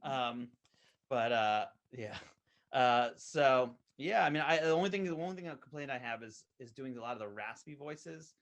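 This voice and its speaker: A man's voice: mid-range voice, animated, moderate pace, a bit bright. Podcast guest, man, loose rambling talk, medium voice, lots of fillers and restarts. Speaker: guest, animation co-creator. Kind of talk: casual podcast chat.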